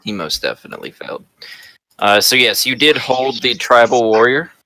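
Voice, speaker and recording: A woman running a tabletop game as game master, narrating in a relaxed, casual way. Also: extremely low pitch, moderate pace.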